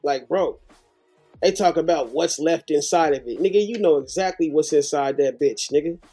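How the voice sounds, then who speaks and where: A man's voice: fairly high pitch, normal speed, dark tone, slightly rough, soft background music. A man hosting a live reaction show, commenting animatedly with heavy slang and profanity. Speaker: host.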